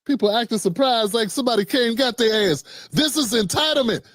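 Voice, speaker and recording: A man's voice: very high-pitched, lively intonation, fairly quick, fairly bright tone, no room sound, clean studio sound. A man hosting a live stream, giving sarcastic, joking commentary full of slang and stories.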